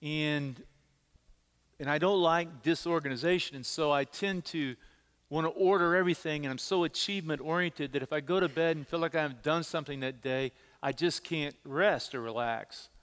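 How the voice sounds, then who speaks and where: A middle-aged male pastor preaching a sermon, telling personal stories in an animated way and repeating words as he stresses them. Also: a little high, moderate pace, big-room sound. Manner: animated storytelling, repeats words when emphasizing.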